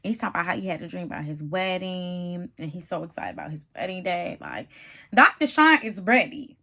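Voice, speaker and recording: A woman giving a casual, animated reality-TV recap, chatty and calling the viewer "honey" and "baby". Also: fairly low pitch, fairly quick. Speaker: TV show reviewer.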